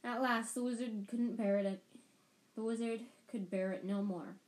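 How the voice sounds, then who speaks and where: A woman's voice: on the high side, fairly even intonation, normal speed, darkish tone, rough recording. Woman reading a storybook aloud. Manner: stumbles and restarts words. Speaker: podcast storyteller.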